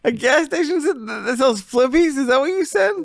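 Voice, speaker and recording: A man's voice: very high-pitched, lively intonation, fairly quick, gravelly, no echo. A man co-hosting a podcast, answering in short dry replies and teasing questions in casual chat. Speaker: podcast co-host.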